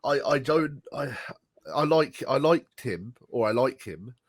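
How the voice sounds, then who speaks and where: A man's voice: medium pitch, lively intonation, a little slow, dry recording. Stammering man with a dry close sound. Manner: stammering, chuckles between thoughts. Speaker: podcast co-host. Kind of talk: casual fan podcast chat.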